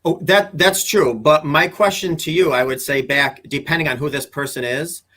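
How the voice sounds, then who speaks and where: A man guest coach explaining his views in an earnest, conversational way. His voice sits a little high for a man. He often trips and restarts mid-sentence as he works through a point. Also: normal speed, fairly bright tone. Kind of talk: casual interview chat.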